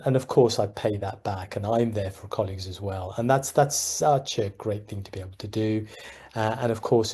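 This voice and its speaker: A general practitioner with a London accent gives an informal talk to fellow doctors. His voice is mellow and relaxed at a mid pitch, and he tells stories with animation and frequent laughter. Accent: London English. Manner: animated storyteller, laughs often.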